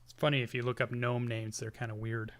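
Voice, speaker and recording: A man narrating as game master of a tabletop game, rambling and animated with many restarts. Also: medium pitch, a little fast.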